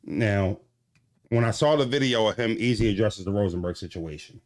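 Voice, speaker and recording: A man with a Philadelphia accent streaming live, ranting to his viewers in a profane, emphatic and animated way. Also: on the low side, normal speed, dry recording, studio quality. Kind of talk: casual livestream rant.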